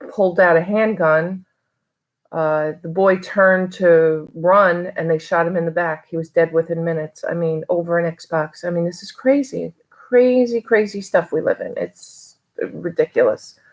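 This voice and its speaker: A middle-aged woman from New York talking casually in a haul video, rambling with lots of fillers. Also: lowish voice. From Long Island, New York. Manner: chatty, rambling with many fillers. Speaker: reseller vlogger.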